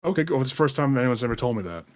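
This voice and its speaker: A man's voice: mid-range voice, big pitch swings, very fast, dry recording, clean studio sound. A man who is a comedian, chatting in an easygoing, self-deprecating way on a podcast. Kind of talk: casual podcast chat.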